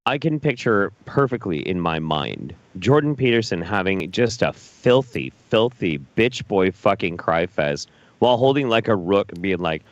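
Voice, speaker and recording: Male co-host, profane and mocking, animated delivery, dry close recording. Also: low voice, normal speed, dry recording, dull audio. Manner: crude, mocking, excitable. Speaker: podcast co-host. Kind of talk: casual, profane chat.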